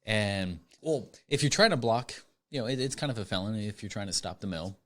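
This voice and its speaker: A man's voice: on the low side, animated, a little fast. A man co-hosting a casual podcast, telling a rambling story full of filler words. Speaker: podcast co-host.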